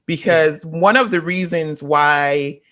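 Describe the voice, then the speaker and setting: Male co-host with a slightly high voice who reads out comments and asks follow-up questions. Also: slow, crowd noise. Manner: reads listener comments, prompts his co-host. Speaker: podcast co-host. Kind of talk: casual chat.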